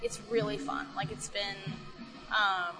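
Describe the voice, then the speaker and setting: A woman's voice: mid-range voice, a little slow, low-quality recording. Woman guitarist, rambling festival interview chat, music audible behind. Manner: excited, rambling, filler-heavy. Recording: music playing clearly in the background.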